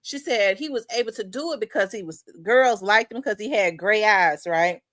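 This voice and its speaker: A woman's voice: mid-range voice, normal speed, fairly bright tone, dry recording. A woman host telling a story in casual chat, talking in winding asides and repeating herself.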